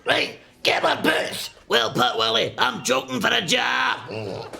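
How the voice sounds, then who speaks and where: An actor with a Scottish accent playing a loud, brash middle-aged pub regular who heckles and shouts. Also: male voice, very high-pitched, expressive, unhurried, gravelly, full character voice. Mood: rowdy. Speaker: comedy sketch actor. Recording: noisy TV clip.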